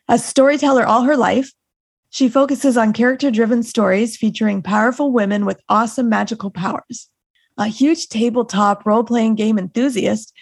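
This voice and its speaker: Higher-voiced woman announcing an audiobook. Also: darkish tone, no echo, clean studio sound. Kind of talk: scripted author introduction.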